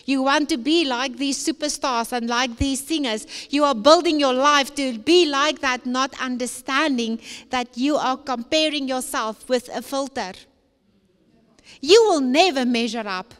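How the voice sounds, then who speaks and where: A woman's voice: high-pitched, moderate pace, hardly any pauses, fairly bright tone, smooth. A woman giving an emphatic, preacher-like talk to young people at a conference. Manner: emphatic, repetitive preacher-like phrasing. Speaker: conference speaker. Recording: long hall reverb.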